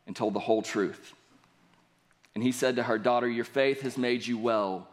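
A young man preaching a sermon, reading scripture aloud and building earnestly to emphatic points. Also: fairly low pitch. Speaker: pastor.

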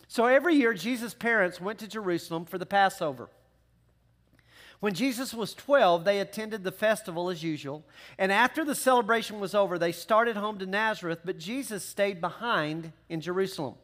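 A male pastor preaching a sermon in an animated, conversational way with joking asides. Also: sits high.

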